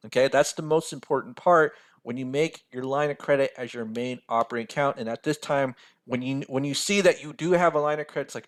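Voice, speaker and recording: A man's voice: mid-range voice, brisk, fairly bright tone. A man teaching a personal finance lesson over a screen share. He talks casually, keeps checking in with "right?" and laughs at himself now and then. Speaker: financial mentor.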